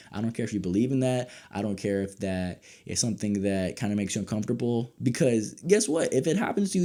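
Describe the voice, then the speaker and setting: A young man hosting his own show, reviewing a series in a casual, excitable way that swings from low mutters to loud outbursts. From United States. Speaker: podcast host reviewing a show.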